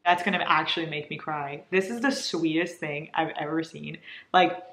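A young woman vlogging as she opens book mail, gushing and excitable in a casual chat. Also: sits low, normal speed. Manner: gushing, excitable, breathless with delight. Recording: echoey room with faint noise.

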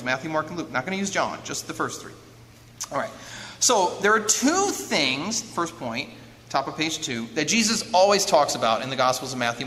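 A man lecturing an audience as an author, lively, asking rhetorical questions and acting out quotes. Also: high voice. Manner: acts out quoted speech. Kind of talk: lively teaching talk with a handout. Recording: long hall reverb, faint noise.

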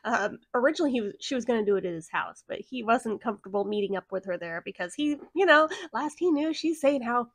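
A woman's voice: fairly high pitch, animated, fast, hardly any pauses, no echo. A young woman giving a casual, profane movie plot recap, laughing often as she tells the story. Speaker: movie reviewer.

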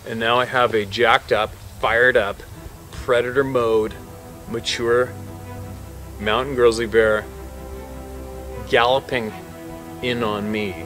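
A man working as a hunting guide, telling a story in an animated way, swearing often and repeating himself. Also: mid-range voice, slow pace, long pauses, soft background music. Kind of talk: excited outdoor storytelling.

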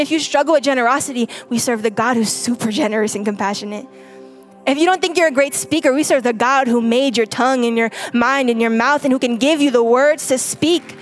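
A young adult woman preaching a sermon to a congregation, emphatic and direct, repeating her key lines. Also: high-pitched. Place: church stage.

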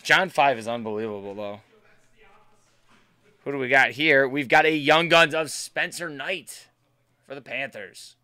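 Bright, upbeat card-break host man. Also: mid-range voice, measured pace, pauses often, clean tone. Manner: chatty, upbeat, banters with chat. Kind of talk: live-stream commentary while opening card packs.

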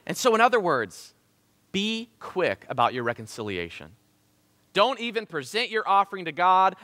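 Animated Southern Ohio pastor preaching. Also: male voice, a little high. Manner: animated, self-deprecating, jokey asides. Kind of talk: sermon. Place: church sanctuary. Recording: long church hall reverb.

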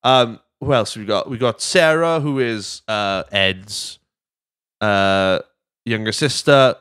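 A man's voice: fairly low pitch, takes it slowly, a bit bright, clear, resonant tone, no room sound, clean studio sound. A young man hosting a podcast in casual chat, rambling and jokey and swearing freely. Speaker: podcast host.

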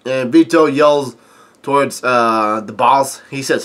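A man casually reading a comic aloud with his own comments, halting and full of fillers, chuckling at the story. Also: medium pitch, fairly bright tone.

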